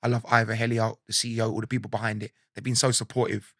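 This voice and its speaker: A man in his forties with a South London accent, telling animated stories from his life in a casual interview and acting out what others said. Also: fairly low pitch, fast, no room sound, clean studio sound. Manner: animated storyteller, acts out quotes, laughs often. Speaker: guest.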